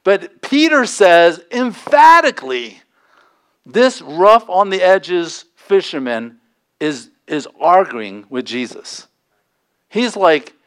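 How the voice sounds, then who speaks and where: A man preaching from the pulpit, his voice sitting a touch high. He gets animated, acting out quoted voices and dropping folksy asides. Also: takes it slowly, clear, resonant tone. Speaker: pastor. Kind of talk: sermon.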